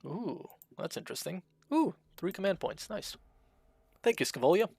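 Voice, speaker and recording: A man casually commenting while streaming a video game, talking in a fairly monotone way and reading the game's options aloud. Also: sits high, moderate pace, gravelly, breathy edge, dry recording. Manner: self-described monotone, dry delivery.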